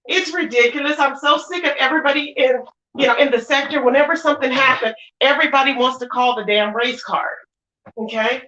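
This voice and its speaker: A woman's voice: high-pitched, a little fast, bright, forceful tone, muffled recording. A woman hosting a livestream, delivering a blunt, scolding rant full of curses and repeated phrases, breaking off now and then to greet her viewers. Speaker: livestream commentary host. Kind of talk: ranting livestream commentary.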